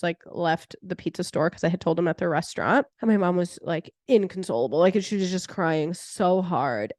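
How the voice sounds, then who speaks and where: A young adult woman hosting a podcast, telling a personal story in a chatty, animated way with many "like" fillers. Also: on the low side, no room sound, clean studio sound. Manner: chatty, heavy use of "like" fillers; animated retelling with laughter. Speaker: podcast host.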